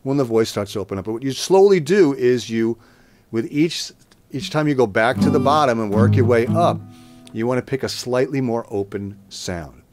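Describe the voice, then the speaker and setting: A man teaching singing, explaining warm-ups in a plain, conversational way and breaking into sung scale demonstrations. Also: medium pitch, moderate pace, faint music behind. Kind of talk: vocal lesson with sung demonstrations.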